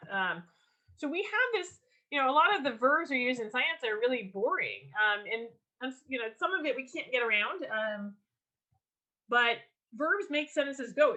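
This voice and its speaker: A woman leading an online writing workshop over a video call, teaching in a lively, enthusiastic way with frequent ums and restarts. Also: on the high side, rough recording. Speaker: workshop leader.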